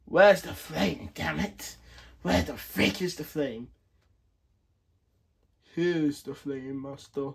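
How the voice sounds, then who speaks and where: A man's voice: on the high side, takes it slowly, creaky, pauses often, slightly rough, heavily acted. A man voicing a dim, short-tempered male villain boss in a homemade comedy movie. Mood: irritable. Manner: barking, irritable.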